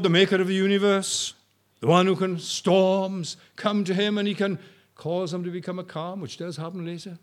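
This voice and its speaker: An older man preaching a sermon, shifting between soft, slow storytelling and loud, rising appeals to the congregation. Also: sits high.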